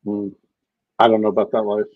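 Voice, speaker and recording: A man's voice: fairly low pitch, monotone, fairly quick, no room sound. Slangy man on a dull dry mic. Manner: slangy, swears freely. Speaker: co-host. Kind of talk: casual livestream chat.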